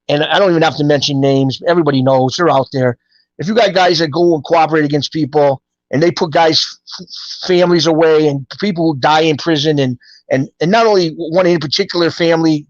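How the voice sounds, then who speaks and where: A middle-aged man, a guest telling stories in a casual interview, rambling and animated with street-style grammar. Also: on the high side, no room sound. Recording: dull, dry lo-fi audio.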